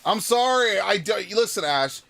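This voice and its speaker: A man's voice: high-pitched, animated, moderate pace, gravelly, sharp tone. Ranting, profane gamer man. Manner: profane, ranting, reads chat comments aloud. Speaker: gaming YouTuber. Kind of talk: let's-play commentary. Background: game music.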